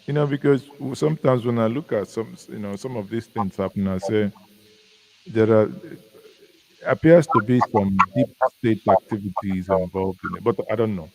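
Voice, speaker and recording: A man from Nigeria with a Nigerian accent, chatting as a guest commentator in a casual live discussion, musing and halting with many restarts. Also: fairly low pitch, creaky, a little mellow, poor audio. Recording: faint background noise.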